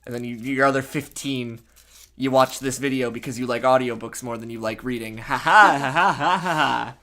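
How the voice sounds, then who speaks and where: An excitable podcast co-host chats casually about fan fiction. The voice sits at a middle pitch and gushes with enthusiasm, and the host often stumbles and restarts sentences. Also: fairly quick. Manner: gushing, excitable, frequent restarts and laughter.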